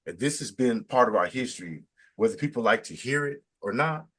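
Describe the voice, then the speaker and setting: A middle-aged man interviewing in casual chat, talking in a preachy, emphatic way, his pitch jumping up to stress a point. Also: expressive, a little fast, breathy edge.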